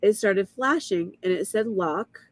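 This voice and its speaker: A woman guest telling a vivid, emotional story in a casual way, with quick asides. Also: mid-range voice, slight background noise. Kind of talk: casual storytelling on a live stream.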